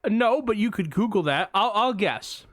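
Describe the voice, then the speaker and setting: A man co-hosting a casual movie podcast, telling stories in an animated, boastful way. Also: high voice, moderate pace, dry recording, studio quality. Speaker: podcast co-host.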